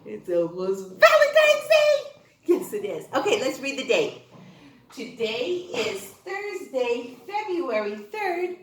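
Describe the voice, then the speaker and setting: A woman teaching a kindergarten class. She talks slowly and clearly, asks questions and answers them herself, and praises the children. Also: high voice, wildly swooping pitch, reverberant, slight background noise. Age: adult. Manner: slow, clear and encouraging. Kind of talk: online class lesson.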